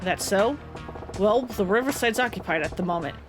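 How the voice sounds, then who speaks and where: A woman's voice: mid-range voice, expressive, normal speed, music in the background, pitched below the performer's own voice, lightly acted. Woman doing a brash foul-mouthed yakuza thug. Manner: coarse, swaggering street talk. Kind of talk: reading game subtitles aloud in voices.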